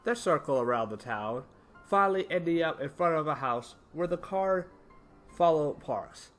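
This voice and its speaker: A man narrating online stories aloud in an animated way, now and then correcting himself mid-line. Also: fairly high pitch, normal speed. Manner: animated reading with small self-corrections. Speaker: story narrator. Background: faint background music.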